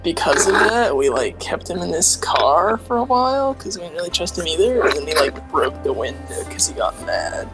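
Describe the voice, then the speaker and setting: Give me a man doing a laid-back airhead dude, slightly high-pitched and rambling. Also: sing-song, moderate pace, few pauses, music in the background, poor audio.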